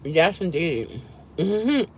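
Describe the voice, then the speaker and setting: A woman's voice: lowish voice, very animated, drawn-out words, a little hiss or hum. A woman vlogging casually from her car, chatting and humming over her food. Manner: chatty, savoring food with hums. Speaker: vlogger and rideshare driver. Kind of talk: casual chat while eating in a car.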